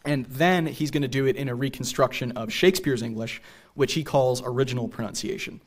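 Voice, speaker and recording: A man's voice: medium pitch, fairly quick. A man giving a public history lecture in a theater, hesitant, with frequent fillers. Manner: hesitant, many fillers and throat clearing.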